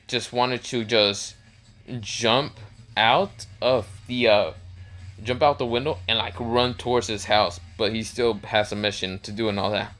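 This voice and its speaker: A man's voice: medium pitch, fairly bright tone. A man narrating a fan story casually, rambling with many fillers and self-corrections.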